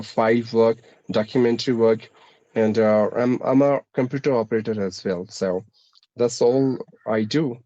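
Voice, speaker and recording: In casual conversation, a man with a medium-pitched, darkish voice and an accent mixing Indian, American and British English speaks in a measured, explanatory manner with frequent pauses and restarts. The audio is dull and has no echo.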